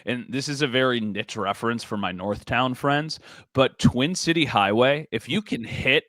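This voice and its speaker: A man's voice: medium pitch, normal speed, a bit bright, no echo, clean studio sound. A young man, co-hosting a casual sports podcast in a loose, conversational way. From Western New York. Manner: conversational, frequent "like" fillers. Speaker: podcast co-host.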